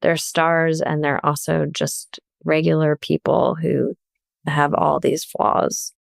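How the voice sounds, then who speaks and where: Low gravelly woman chatting on a podcast, animated, laughing through her stories, dry close sound. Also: slow, no echo. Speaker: guest, journalist and author. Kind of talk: casual podcast conversation.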